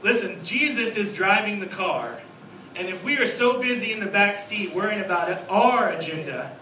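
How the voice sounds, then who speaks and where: A man in his thirties preaching a sermon as a guest pastor, lively and storytelling, acting out little scenes. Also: high voice, moderate pace, reverberant, recorded from a distance, a little hiss or hum, poor audio. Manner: animated, acts out scenes with a raised voice. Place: church sanctuary.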